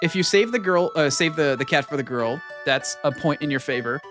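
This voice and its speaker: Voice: medium pitch, lively intonation, fairly quick. Casual let's-play streamer, cussing, laughs at themself, game music under. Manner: rambling, profane and self-deprecating. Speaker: gaming streamer.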